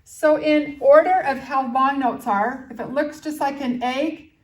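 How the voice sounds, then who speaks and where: A woman's voice: high-pitched, fairly even intonation. Patient woman teaching young children music. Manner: slow, patient, clapping and counting rhythms aloud.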